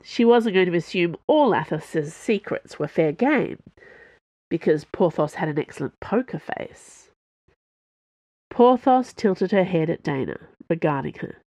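Calm woman narrator reading a novel aloud. Her voice sits fairly low and moves slowly. The sound is dry and close, with no room at all. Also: no room sound. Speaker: audiobook narrator. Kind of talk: scripted narration.

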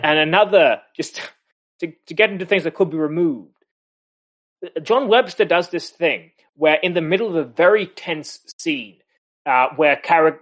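A man's voice: fairly high pitch, fairly bright tone. A man co-hosting a podcast in a casual literary discussion, rambling with many restarts and chuckles. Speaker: podcast co-host.

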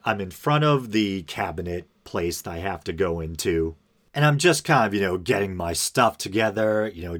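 A man's voice: deep voice, a bit bright. A man hosting a podcast, telling a personal story in an unscripted, rambling monologue full of fillers and asides. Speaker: podcast host.

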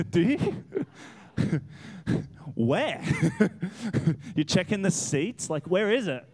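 A man preaching a lively, animated sermon in church as guest pastor. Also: high-pitched. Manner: animated, laughing, acts out voices. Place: church hall with congregation.

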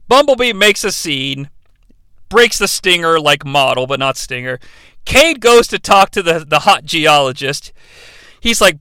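A man's voice: on the high side, big pitch swings, unhurried, sharp tone, clean tone, no room sound. A man reviewing a movie in a sarcastic, profane, rambling comedic rant.

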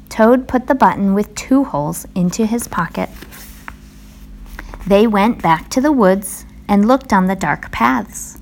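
Slow gravelly woman reading a storybook. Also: mid-range voice. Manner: slow, even read-aloud delivery. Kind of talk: reading a children's storybook aloud.

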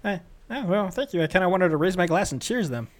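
Man voicing a talkative courier NPC; fillers, hesitant, friendly, a bit high-pitched. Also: expressive, quick pace. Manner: rambling, hesitant, full of fillers. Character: chatty friendly male courier, middle-aged.

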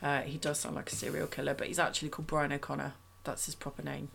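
A woman's voice: sits low, completely flat delivery, fast talker, vocal fry, a bit bright, a little hiss or hum. A woman casually chatting on a podcast, recapping a film in a rambling, self-mocking way. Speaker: podcast co-host reviewing a film. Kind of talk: casual chat.

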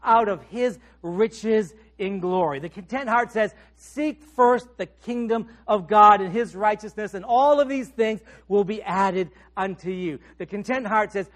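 A middle-aged male pastor delivers a sermon in a notably high voice. He lets his phrase endings drop quiet and low. His questions rise and carry more push. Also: unhurried, few pauses. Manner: trails off soft and low at phrase ends, rises on questions.

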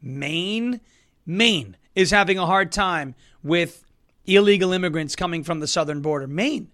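A man's voice: high-pitched, a little slow, fairly bright tone. A male host of a political commentary show, talking in a sarcastic, joking way.

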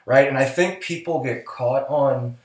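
A man's voice: medium pitch, measured pace, roomy sound. A man co-hosting a casual podcast, talking in an earnest, coaching way and speaking bluntly, with the odd swear word. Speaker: podcast co-host.

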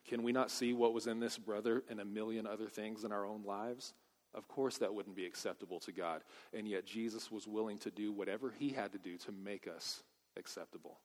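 A man, preaching a sermon with emphatic storytelling and casual asides. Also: lowish voice. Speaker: pastor. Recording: long hall reverb.

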